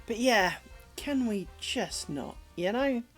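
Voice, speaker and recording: A woman's voice: fairly high pitch, animated, slow pace, faint music behind. A middle-aged British woman streaming from home, chatting casually while she crafts, rambling along with dry humour and plenty of swearing.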